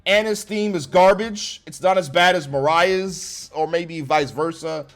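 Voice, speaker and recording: Male reviewer, higher-pitched voice, sarcastic and profane, faint music underneath. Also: a little slow. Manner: blunt, sarcastic, swears heavily. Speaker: wrestling show reviewer.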